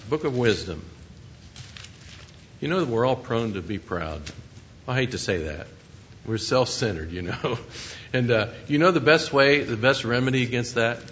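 A man's voice: fairly low pitch, a bit bright, a little hiss or hum. Earnest preacher man, muffled recording. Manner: earnest, conversational preaching with rhetorical questions. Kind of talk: sermon.

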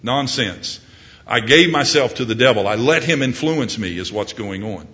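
Earnest preacher man, bright lo-fi sound. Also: mid-range voice, expressive, normal speed. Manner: earnest, rising emphatic questions, soft hushed prayer. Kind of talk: sermon with closing prayer. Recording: dull lo-fi recording.

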